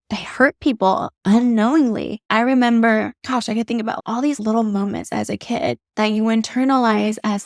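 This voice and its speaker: A woman's voice: mid-range voice, fairly even intonation, moderate pace, few pauses, darkish tone, no echo, clean studio sound. A young adult woman hosting her own podcast, telling personal stories in a candid, heartfelt way with casual swearing. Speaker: podcast host, beauty artist. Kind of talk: solo podcast monologue.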